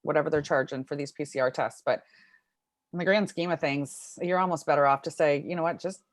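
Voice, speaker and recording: Woman co-host, lowish voice, dry close sound, advice-giving. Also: brisk, dry recording. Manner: advising, repeats points for emphasis. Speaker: podcast co-host. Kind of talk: casual chat.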